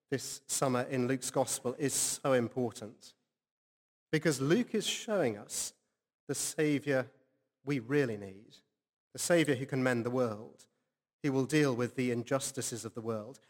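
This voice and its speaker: A man's voice: mid-range voice, in a large hall. A man preaching an earnest, conversational sermon with rhetorical questions.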